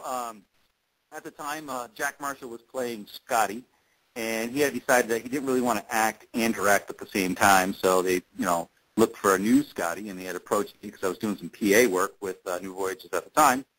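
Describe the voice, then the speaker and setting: A man's voice: fairly low pitch, a bit bright, poor audio. A man being interviewed, telling a long story casually with many fillers and restarts. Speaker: interview guest, fan-series actor.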